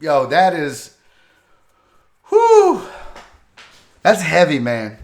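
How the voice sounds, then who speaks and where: Animated high-voiced man, profane talk host. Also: drawn-out words. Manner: animated, profane, laughs a lot. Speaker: sports radio host. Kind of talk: comedic commentary on a video.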